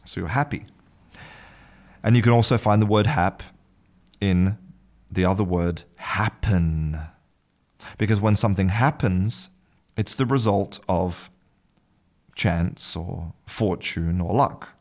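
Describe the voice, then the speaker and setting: A man hosting a podcast as an English teacher, explaining words in a relaxed way and spelling them out letter by letter. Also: sits low, takes it slowly, pauses often. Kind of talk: casual spoken lesson.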